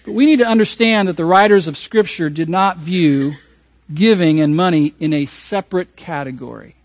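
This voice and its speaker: High-voiced pastor preaching a sermon. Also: male voice, moderate pace, no room sound. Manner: emphatic preaching, swings from raised to hushed.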